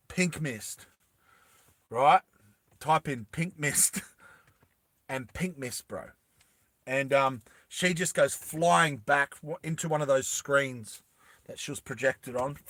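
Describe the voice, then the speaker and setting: A young man casually recapping a movie plot, animated, laughing often and acting out the scenes. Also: a little high, dry recording. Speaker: storytelling vlogger.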